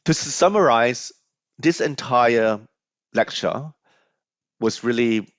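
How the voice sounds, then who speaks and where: A man's voice: mid-range voice, slow, no echo. A man lecturing on finance over slides, explaining step by step with frequent fillers and restarts. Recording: dry, slightly dull lo-fi audio.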